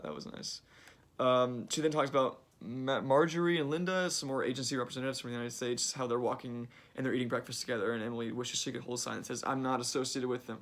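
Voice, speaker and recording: A young man recaps a book chapter in a loose, chatty way, packing his talk with fillers. He speaks quickly, and his voice has a gravelly fry running through it. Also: mid-range voice, fairly bright tone. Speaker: reader summarizing a book. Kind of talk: casual book summary.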